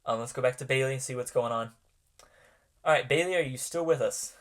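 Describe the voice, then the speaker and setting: A man's voice: mid-range voice, a bit bright. A man narrating a tabletop role-playing game as game master, hesitant and full of fillers and restarts. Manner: halting, many fillers and restarts.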